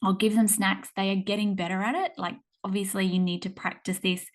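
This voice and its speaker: An Australian woman hosting her podcast, telling a story in a casual, animated way with some laughter. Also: medium pitch, fairly quick. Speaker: podcast host.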